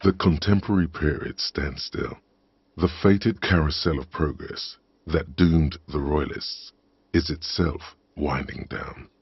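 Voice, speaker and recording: An actor voicing a brooding inner narrator in a game, speaking slowly in a deep, gravelly, ominous tone. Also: male voice, no echo, heavily acted. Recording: dull lo-fi game capture with music.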